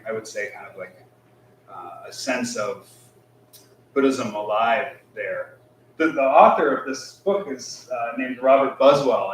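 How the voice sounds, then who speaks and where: A man who teaches school, talking casually at a temple service, halting with many fillers and soft laughs. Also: fairly low pitch, a little hiss or hum. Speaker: guest speaker, schoolteacher. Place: temple hall. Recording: echoey hall, mic from far off.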